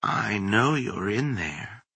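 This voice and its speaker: A man voicing a monster that fakes a frail old woman's voice, thin, brittle and raspy, coaxing slowly and softly in a sing-song way. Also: fairly low pitch, animated, no echo, exaggerated voice.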